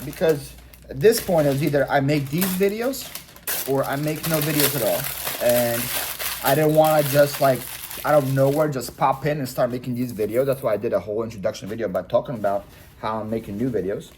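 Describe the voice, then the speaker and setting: A man's voice: mid-range voice, darkish tone, slight background noise. A man talking casually to his viewers in a vlog while packing orders, chatty and full of fillers and repeated words. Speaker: online reseller vlogger.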